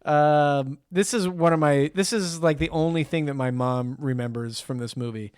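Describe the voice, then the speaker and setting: Male co-host, crisp voice a bit high, dry close sound, upbeat casual chat. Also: moderate pace, darkish tone, no room sound. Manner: upbeat, laughs at his own quotes. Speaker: podcast co-host.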